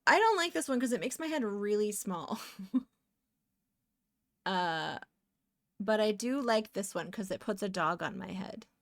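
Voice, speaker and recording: A young woman from Canada chatting casually on a live stream while she draws, rambling and breaking into excited exclamations. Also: mid-range voice, unhurried, long pauses, no echo, clean studio sound.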